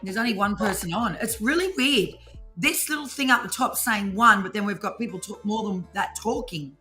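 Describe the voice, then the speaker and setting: Bright-voiced Australian woman, chatty. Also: mid-range voice, normal speed, soft background music. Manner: chatty, teasing, laughs often, Aussie slang. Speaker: co-host of a live tarot reading stream. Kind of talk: casual live-stream chat.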